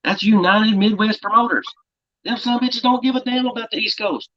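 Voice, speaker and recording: A man's voice: sits high, fairly even intonation, a bit bright, dry recording. Blunt man track owner, curses freely, dry dull lo-fi stream audio. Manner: blunt, swears, lists places rapidly. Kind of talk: heated panel debate.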